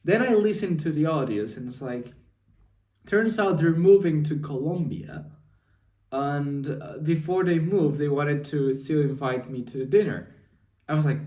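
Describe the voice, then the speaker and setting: A young man rambles through a weekly diary story full of fillers and restarts. His voice sits a little high. He sounds set back from the mic in an echoey room. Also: lively intonation, moderate pace, a little mellow, distant mic. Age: young adult. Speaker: vlogger. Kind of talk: casual spoken diary.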